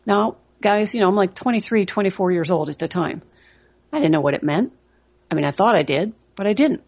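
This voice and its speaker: Speaking a little fast and expressively, a middle-aged woman uses a medium-pitched, darkish, breathy voice on dull audio. She hosts a trading podcast as a coach, giving earnest motivational talk and stories laced with "you know."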